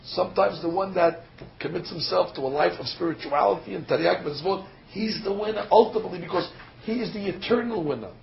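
A rabbi preaches a sermon woven with a story, emphatic and full of rhetorical questions, occasionally stumbling over fillers. His high-pitched voice is brisk and gravelly, in a dull lo-fi recording with faint ambience and a little hiss or hum.

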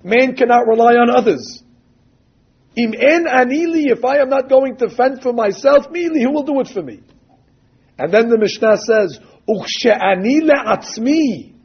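High, husky man preaching a sermon. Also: expressive. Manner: emphatic, drawn-out quoting of texts. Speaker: rabbi or religious teacher. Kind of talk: sermon with storytelling. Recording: dull lo-fi recording.

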